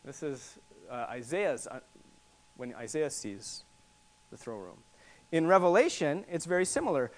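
Preacher, male, slightly high voice, teaching sermon that builds to emphatic repeated lines. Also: expressive, moderate pace. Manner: teaching, repeats words for emphasis, rising to forceful passages.

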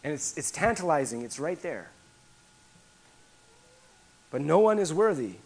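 Preaching man, swinging hushed to emphatic. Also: a little high, big pitch swings, a little slow, poor audio. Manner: repeats phrases, frequent restarts. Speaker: pastor. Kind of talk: sermon.

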